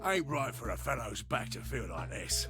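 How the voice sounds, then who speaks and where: An actor playing a grumbling male robot golem with a Cockney accent and slangy, gravelly speech in a video game. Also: fairly low pitch, big pitch swings, moderate pace. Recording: game audio under music.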